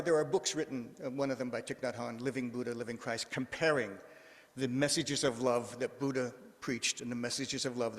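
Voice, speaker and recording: A man giving a sermon in a church, telling a story in a casual, conversational way with frequent restarts. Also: mid-range voice. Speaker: preacher. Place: church sanctuary. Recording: long echo of a church hall.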